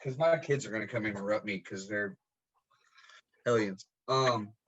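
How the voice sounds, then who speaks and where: A man's voice: on the low side, slow pace, fairly bright tone, slightly rough, low-quality recording. A young man hosting a casual podcast from home, telling loose, profane stories. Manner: laid-back, profane storytelling. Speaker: podcast host. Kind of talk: casual chat.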